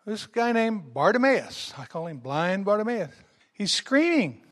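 High-voiced preacher telling a folksy story. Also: male voice, big pitch swings, measured pace. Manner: folksy storytelling, calls for congregation responses. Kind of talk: sermon.

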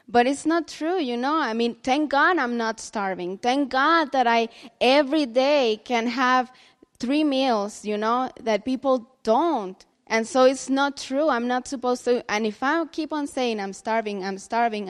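A woman with a somewhat high voice gives heartfelt devotional teaching. She speaks earnestly and slows down to read scripture aloud. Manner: reads scripture aloud slowly. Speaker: Bible teacher.

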